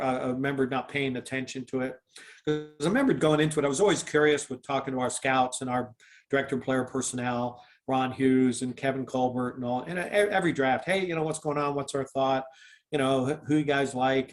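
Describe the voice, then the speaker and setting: Man from Canada, rambling storyteller. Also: mid-range voice. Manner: rambling, many fillers and restarts, acts out quoted dialogue. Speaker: former football kicker, guest. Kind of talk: casual storytelling interview.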